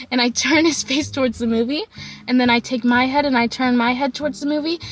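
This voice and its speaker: Animated young woman telling a storytime. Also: brisk, soft background music. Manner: animated, laughing, acts out quotes in high voices. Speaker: vlogger. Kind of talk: storytime vlog.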